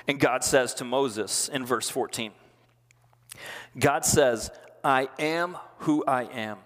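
A man preaching a sermon as pastor, chatty and casual, slowing down and dropping his voice to stress key words. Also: a bit bright. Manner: conversational preaching, slows and drops low for emphasis. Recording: long hall reverb.

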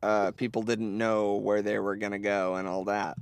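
Smooth-voiced, laid-back male co-host. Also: lowish voice, flat delivery, moderate pace, dry recording. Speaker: podcast co-host. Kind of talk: casual chat about wrestling.

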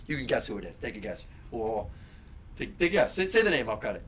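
A young man co-hosting a podcast, telling profane, rambling stories in casual chat with loud bursts. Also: mid-range voice, big pitch swings, fast. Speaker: podcast co-host.

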